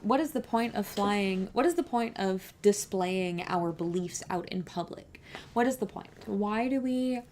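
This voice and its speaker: A woman's voice: mid-range voice, a little slow, darkish tone, a little hiss or hum. A woman streaming a live reaction to a debate, blunt and heated, swearing often. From Canada. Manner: blunt, swears heavily, angry and impassioned.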